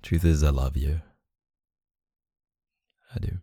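A man speaking softly and closely in an intimate audio role-play, murmuring like a partner. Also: rumbling low, fairly even intonation, slow pace, slightly rough, dry recording, studio quality.

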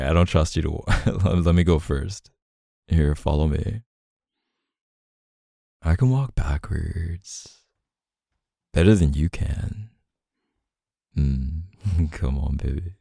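A young man speaking to the listener as a boyfriend in a role-play, soft-spoken and coaxing, with lots of filler words. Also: extremely low pitch, gravelly, no room sound, studio quality.

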